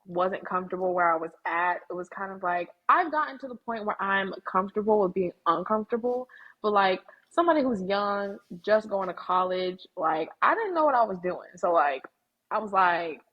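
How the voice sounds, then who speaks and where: Husky young woman telling stories. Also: mid-range voice, animated, moderate pace, dull audio. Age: 20s. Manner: candid storytelling, frequent "like". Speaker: guest, graduating student. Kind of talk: casual interview.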